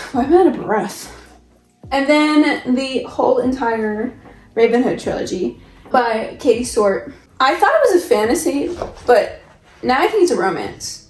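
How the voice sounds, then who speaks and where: A young woman chatting casually as she shows off the books on her shelf, rambling and asking herself questions. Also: a little high. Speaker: book vlogger. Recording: echoey room with soft music. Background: soft background music.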